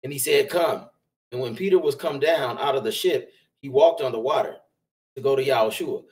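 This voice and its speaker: A man reading Bible verses aloud in a steady, plain manner during a group study. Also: medium pitch, normal speed, poor audio. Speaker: scripture reader.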